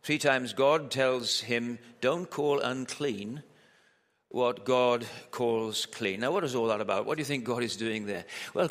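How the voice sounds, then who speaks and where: Preacher with a chatty, joking delivery. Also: male voice, medium pitch, a bit bright. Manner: conversational, quips and rhetorical questions to the audience. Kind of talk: sermon. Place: hall at a church camp. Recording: echoey hall with long reverb.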